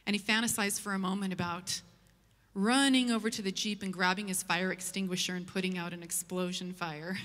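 A woman telling a story in a church sermon, lively and humorous as she tells it. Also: mid-range voice, a little fast, in a large hall. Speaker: church speaker. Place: church auditorium.

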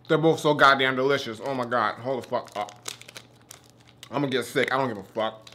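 A man hosting a casual food review, swearing often and getting worked up as he eats between sentences. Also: medium pitch. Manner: profane, excitable, talks while eating.

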